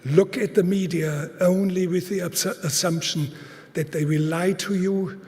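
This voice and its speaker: A man gives a live conference talk in deliberate, halting speech, with fillers and restarts, stressing points by repeating words. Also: high-pitched, steady tone, darkish tone. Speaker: conference speaker. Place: large auditorium. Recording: long hall reverb.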